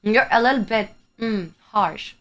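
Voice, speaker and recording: A young female streamer from Greece, a native Greek speaker, talks with her live chat in a mid-range, slightly bright voice at a measured pace. She is chatty, laughs a lot, and swears casually, and faint music can be heard behind her.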